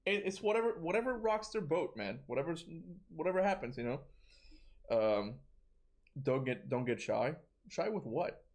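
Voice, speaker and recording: Rambling tired streamer with a Toronto accent. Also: male voice, fairly high pitch, very animated, moderate pace. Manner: rambling, stammering restarts, frequent chuckles. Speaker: gaming streamer. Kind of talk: casual livestream chat.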